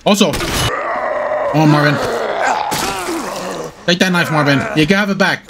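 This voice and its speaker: A man's voice: on the high side, measured pace, long pauses, very noisy. A man hosting a horror game let's-play, swearing a lot and yelping and laughing when startled. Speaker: gaming channel host. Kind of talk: live let's-play commentary.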